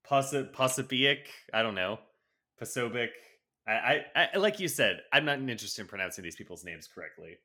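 A man's voice: mid-range voice, lively intonation, a little fast, bright, forceful tone. A man co-hosting a podcast, reading news items aloud with sarcastic, wry asides in a casual chat. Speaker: podcast co-host.

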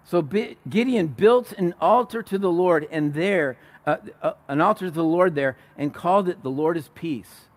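Guy preaching, kinda high voice, jumps around telling the story, lots of restarts. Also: normal speed, hardly any pauses. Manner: animated storytelling, many restarts, acted-out quotes. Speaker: pastor. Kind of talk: sermon.

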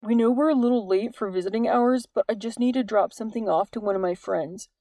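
A woman's voice: on the high side, quick pace, warm tone, dry recording, lightly acted. A woman reading an earnest teen boy.

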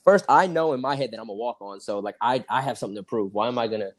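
A man's voice: mid-range voice, rapid-fire. A young man from California telling his story as a podcast guest, acting out the dialogue and laughing often. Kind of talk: casual storytelling.

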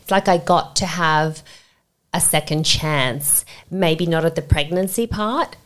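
A woman's voice: sits low, unhurried, fairly bright tone. A woman in her forties from Sydney with an Australian accent, a podcast guest talking candidly, reflective and rambling with many fillers. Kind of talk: candid conversational interview.

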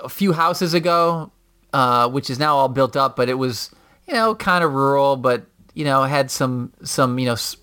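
A man telling stories in a casual podcast chat, rambling with many fillers and acting out quotes loudly. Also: mid-range voice, smooth. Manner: rambling storyteller, profane, acts out quotes loudly. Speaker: podcast guest. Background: dogs nearby.

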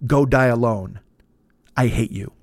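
A man's voice: mid-range voice, a little slow, dry recording. A man in his fifties hosting a comedy podcast, telling a long story in a casual, profane way, full of restarts and self-interruptions. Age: 50s.

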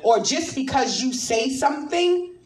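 Blunt, animated New woman. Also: high-pitched, unhurried, roomy sound, far from the mic, low-quality recording. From New York. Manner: blunt, profane, animated storytelling. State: congested from a cold. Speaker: podcast host. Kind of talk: casual chat.

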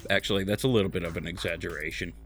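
A man's voice: lowish voice, moderate pace, pushed and bright, soft background music. A man in his thirties hosting a podcast, talking bluntly and joking with some swearing. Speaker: podcast host. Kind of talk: casual chat and game news.

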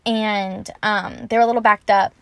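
A woman's voice: mid-range voice, normal speed, vocal fry, dry recording. Earnest young woman sharing her faith. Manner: earnest, chatty, many fillers like "um" and "like"; animated when retelling conversations. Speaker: Christian vlogger. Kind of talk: casual faith talk to camera.

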